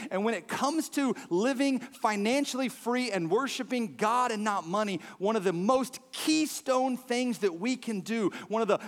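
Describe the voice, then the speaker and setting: A pastor delivers a sermon, his voice sitting high for a man. He talks loosely and conversationally, full of fillers, and acts out anecdotes with energy. The sound rings with long reverb from a church hall. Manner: conversational, animated storytelling with frequent fillers.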